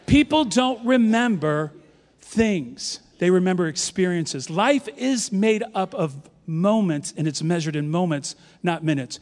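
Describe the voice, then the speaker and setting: A man in his fifties from New York, a pastor preaching an animated, joking sermon and leading the congregation in call-and-response. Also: high-pitched, unhurried. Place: large church auditorium. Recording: long hall reverb from a large church.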